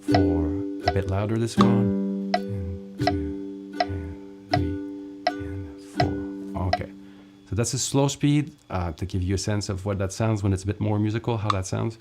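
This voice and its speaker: A man's voice: lowish voice, fairly quick, loud music behind the voice. A man teaching ukulele in a casual lesson, counting beats aloud while he strums and chatting between takes. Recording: ukulele playing loudly under the voice.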